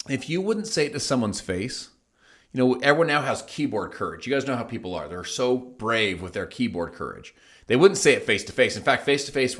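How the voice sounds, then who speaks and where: A middle-aged man hosting his own show, telling a motivational story in an emphatic way and acting out the people he quotes. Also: medium pitch. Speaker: host. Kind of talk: motivational monologue.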